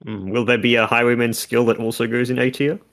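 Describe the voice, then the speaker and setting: A man's voice: mid-range voice, flat delivery, fast talker, creaky, fairly bright tone. A man co-hosting a casual video game discussion, talking through stats and mechanics in detail. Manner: analytical, talks through game numbers. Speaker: content creator co-host.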